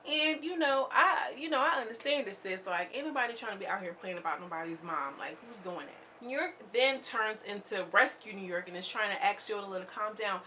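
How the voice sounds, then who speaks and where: Woman vlogger doing a gossipy tv recap, bright voice, lots of slang and energy. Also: mid-range voice, fairly quick, hardly any pauses, a little hiss or hum. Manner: chatty and slangy, animated retelling. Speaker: channel host. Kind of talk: casual reality TV recap.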